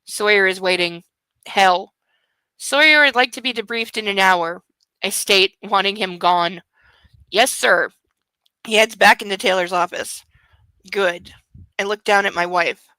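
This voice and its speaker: A woman's voice: mid-range voice, measured pace, long pauses, sharp tone, clean tone, no echo, poor audio. A woman reading as Christian Grey, smug and brooding. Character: smug young male billionaire lover narrating. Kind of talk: dramatic reading of a novel.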